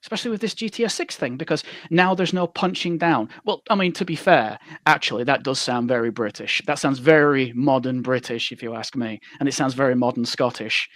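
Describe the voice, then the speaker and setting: A man's voice: mid-range voice, a little fast, few pauses, a bit bright, dry recording, clean studio sound. A man co-hosting a casual gaming talk show, agreeable and chuckling, with many hesitant fillers. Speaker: podcast co-host.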